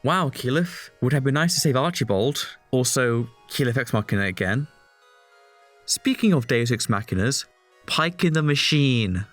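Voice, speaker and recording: A man narrates a scripted critique with a sarcastic, exasperated edge. His pitch swings freely up and down, giving the delivery a wry, animated lilt in a mid-range voice. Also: normal speed, soft background music. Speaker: video essayist critic. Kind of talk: scripted commentary.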